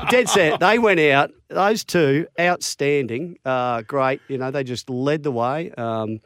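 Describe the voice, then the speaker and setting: A middle-aged Australian man, a former rugby league player, telling lively stories in casual chat and acting out the quotes. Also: takes it slowly, hardly any pauses, no echo, clean studio sound. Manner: animated yarn-spinner, acts out quotes with big pitch jumps.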